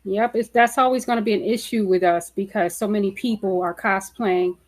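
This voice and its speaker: A woman in a casual panel chat, explaining points in a steady manner and correcting others. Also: mid-range voice, fairly quick.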